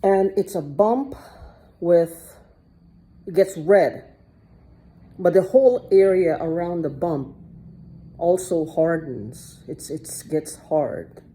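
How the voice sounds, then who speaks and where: Woman, low pitch, dark soft tone, rambling vlog monologue, repetitive. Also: slow pace, long pauses. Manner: repetitive, rambling, restarts a lot. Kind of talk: casual monologue to camera.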